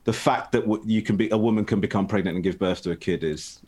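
A man's voice: fairly low pitch, fast, darkish tone. A man in his thirties telling family stories in casual chat, often laughing. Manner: rambling storyteller, laughs often.

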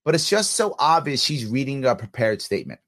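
A man's voice: mid-range voice, very animated, a little fast, a bit bright. A man with a New York accent, hosting a podcast and giving blunt, scornful live commentary over clips of a speech. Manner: blunt, scornful, heats up as he talks.

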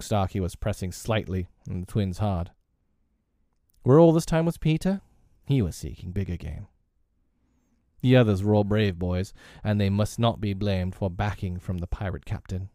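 A man with a low, dark voice reads a storybook aloud, swinging his tone with the drama of the scene. The recording is close and dry. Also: no echo. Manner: dramatic, animated reading. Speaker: audiobook narrator. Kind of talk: expressive storybook narration.

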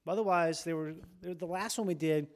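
A man's voice: fairly high pitch, fast talker. A man comedian chatting casually on a podcast, rambling and loose as he recalls things. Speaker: stand-up comedian.

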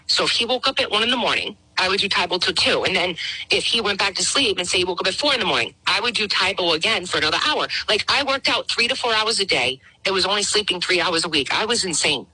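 A middle-aged woman calls in with a personal testimony, speaking in an emotional, rambling way. Her voice is very bright and husky. She often acts out the words she once said. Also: mid-range voice, rough recording. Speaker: guest caller.

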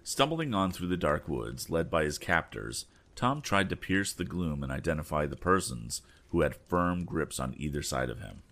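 A man hosting a storytime show, reading a classic adventure novel aloud in a relaxed, unhurried way. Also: extremely low pitch. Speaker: storyteller host.

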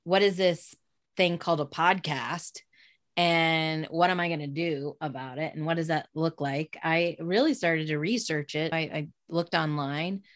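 A woman hosting a podcast interview, chatty and expressive, sharing her own stories with frequent laughs. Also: deep voice, measured pace, no room sound. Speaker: podcast host. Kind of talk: casual interview chat.

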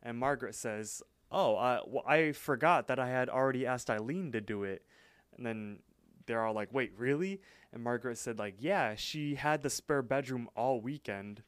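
A man co-hosting a podcast, casually recapping a cartoon episode in a relaxed, rambling way. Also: mid-range voice, normal speed, clean tone, no room sound. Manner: relaxed storytelling with frequent fillers and laughs. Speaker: podcast co-host.

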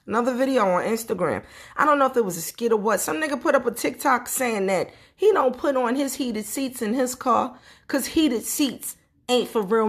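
A husky-voiced woman in her forties hosts a solo podcast in a blunt, profane, storytelling way. Her pitch swings widely and keeps the talk animated. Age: 40s. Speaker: podcast host.

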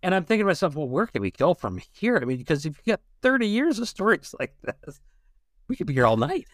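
A man's voice: high-pitched, huge pitch swings, quick pace, no echo, studio quality. A man with a Midwestern accent co-hosting an aviation podcast, asking easygoing, chatty questions. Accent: Midwestern American. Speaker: podcast co-host. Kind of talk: casual interview.

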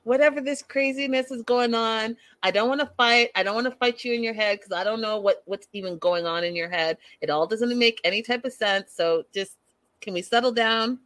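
A woman's voice: a little high, fairly quick, a bit bright, no room sound. A young woman recapping a reality show in a chatty, incredulous way, talking straight to her viewers. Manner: chatty, incredulous, addresses viewers as "you guys". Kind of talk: casual recap commentary.

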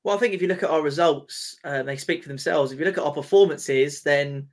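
A man's voice: a little high, fairly quick. A man, co-hosting a football podcast and talking in a heated, exasperated way, swearing freely. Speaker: podcast co-host. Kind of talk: casual football chat.

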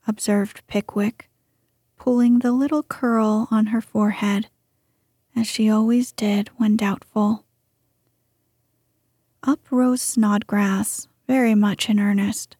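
Soft, husky woman reading a story. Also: mid-range voice, fairly even intonation, takes it slowly, pauses often, dry recording, clean studio sound. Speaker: audiobook narrator. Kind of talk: storybook reading, much of it whispered.

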